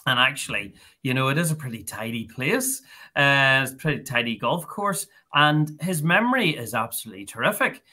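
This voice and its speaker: A man's voice: mid-range voice, expressive, brisk, bright, forceful tone. A man hosting a podcast, chatting in a rambling, friendly way with many fillers. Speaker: podcast host. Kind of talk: casual chat.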